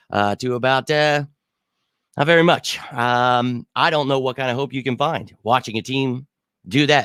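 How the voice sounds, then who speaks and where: A man's voice: medium pitch, a bit bright, dry recording. A man hosting a sports fan show, ranting after a bad loss, still shaken and irate, stumbling and restarting often. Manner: angry, exasperated rant with frequent restarts. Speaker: podcast host. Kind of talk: postgame fan reaction talk.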